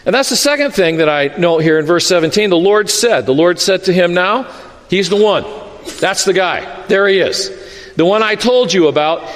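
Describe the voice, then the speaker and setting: A man preaching a sermon as pastor, telling a Bible story with lively acted-out quotes and asides. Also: sits high, normal speed, in a large hall.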